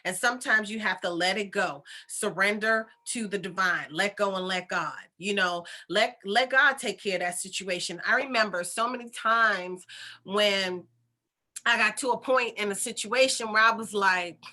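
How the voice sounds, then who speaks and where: Woman with a bright voice, chatty spiritual advice vlog, keeps asking "okay?" and repeating herself. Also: mid-range voice, moderate pace. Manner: chatty, repeats phrases, checks in with listeners. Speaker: intuitive healer and channel host. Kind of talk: casual spiritual advice talk.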